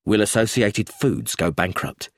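Man doing a calm inspector from a storybook, lowish husky voice, measured delivery. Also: dry recording, studio quality. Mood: firm. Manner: measured and matter-of-fact. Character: calm, methodical male police inspector.

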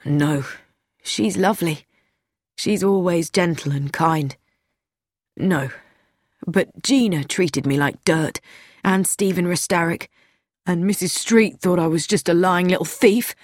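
A woman's voice: lowish voice, takes it slowly, pauses often, no room sound, studio quality. A woman voicing an apologetic sad young man. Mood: pleading. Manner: pleading, self-pitying. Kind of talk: audiobook reading.

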